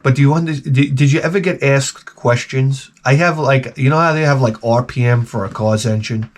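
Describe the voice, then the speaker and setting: A man's voice: mid-range voice, moderate pace. A man hosting his own channel, telling rambling comic stories with lots of swearing and stammered restarts. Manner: animated, profane, stammering restarts. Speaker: retro game channel host. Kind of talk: rambling comedic rant.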